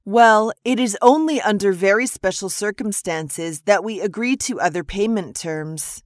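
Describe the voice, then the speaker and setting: Woman, lesson dialogue reader, measured and crisp, mid pitch, dry close recording. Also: no room sound. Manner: measured, even, clearly articulated reading. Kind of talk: scripted business dialogue reading.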